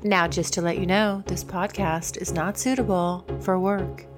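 A woman reads a scripted podcast intro in a slow, teasing way. Her voice sits a little low. Loud music plays under her the whole time. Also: steady tone.

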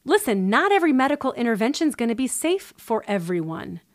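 A woman's voice: on the high side, sing-song, fast. A woman giving opinion commentary in a sarcastic, indignant way.

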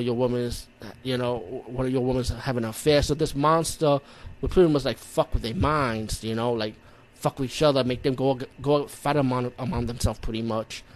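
A man with a New York accent, from the Bronx, casually recapping a horror movie in a rambling, profane way, acting out his own reactions. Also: mid-range voice. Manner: rambling, profane, animated retelling with acted-out reactions. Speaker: movie reviewer.

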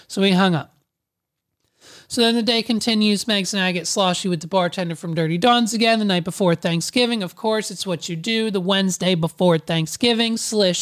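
A man's voice: high voice, fairly bright tone. A man podcaster telling a comedic story in a sarcastic, rambling way.

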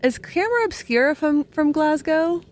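Young woman podcast host, playful and chatty, quick to laugh, casual interview at a gear show. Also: high-pitched, lively intonation. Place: busy gear show floor.

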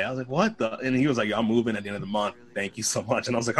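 Animated young man telling stories. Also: medium pitch, racing, hardly any pauses, slightly rough. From Boston area. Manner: animated storyteller, acts out quoted voices. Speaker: comedian. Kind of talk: casual podcast chat.

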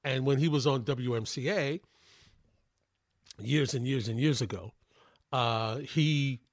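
A man's voice: mid-range voice, no echo. Male sports talk host, 60s, chatty and meandering, dead-dry studio mic. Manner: rambling, full of fillers and restarts, admiring. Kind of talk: radio talk show monologue. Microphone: studio microphone.

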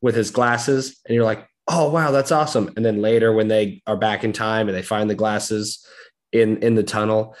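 A man co-hosting a casual chat about a film, dry and wry, quoting scenes in a flat aside. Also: fairly low pitch, normal speed.

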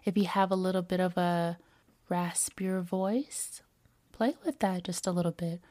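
A woman podcast host giving steady, coaching advice in a calm, measured way. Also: medium pitch. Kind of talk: advice talk on voice and attraction.

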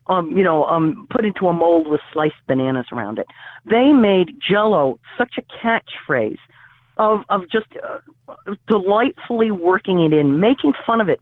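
Animated woman storyteller on a phone line. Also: on the low side, dry recording. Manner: lively, digressive, with fillers and restarts. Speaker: college teacher. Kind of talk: animated storytelling about radio history. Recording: phone-like, dry sound.

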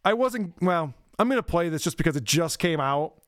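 Sarcastic podcast host, high lively voice. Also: male voice, moderate pace, no echo, studio quality. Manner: sarcastic, joking. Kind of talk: casual podcast banter.

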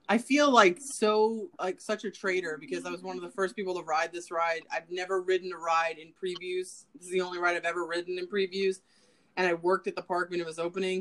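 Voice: mid-range voice, a bit bright. A podcast co-host in casual chat, candid and chatty, often saying "like". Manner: chatty, candid, uses filler "like".

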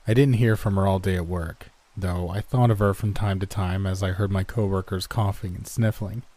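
Male horror narrator; mellow, dark tone, steady and measured. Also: low-pitched.

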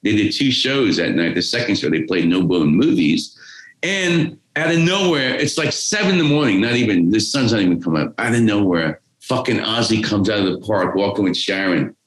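A man's voice: on the low side, very animated, normal speed. A man, telling a rambling, profane story as a podcast guest. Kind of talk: casual storytelling. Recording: roomy echo.

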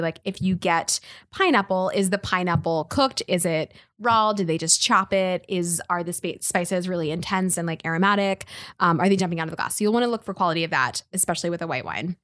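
A woman's voice: on the low side, a little fast, fairly bright tone, no echo, studio quality. A woman sommelier guest casually explaining wine tasting, chatty with lots of fillers. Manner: chatty and laughing, full of fillers.

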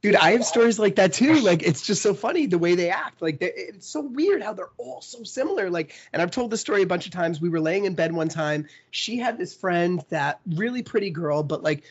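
Man, podcast host, chatty, filler-heavy, a bit high-pitched, muffled lo-fi sound. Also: lively intonation, slightly rough. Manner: chatty, lots of "like" fillers, quick reactions. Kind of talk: casual podcast chat.

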